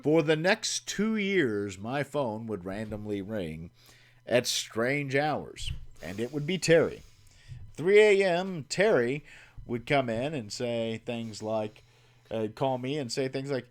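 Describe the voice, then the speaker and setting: A man with a Kentucky accent casually telling stories to his livestream chat, swearing and making wry deadpan asides. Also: medium pitch, a little slow. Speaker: livestream host. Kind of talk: casual storytelling. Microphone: home streaming mic.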